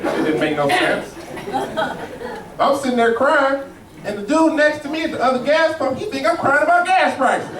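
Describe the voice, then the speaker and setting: A man's voice: very high voice, lively intonation, normal speed. A man doing a stand-up comedy set, telling loose, profane stories that swing between somber and mocking. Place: comedy club stage with a live audience. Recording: roomy, distant live club recording with loud crowd noise.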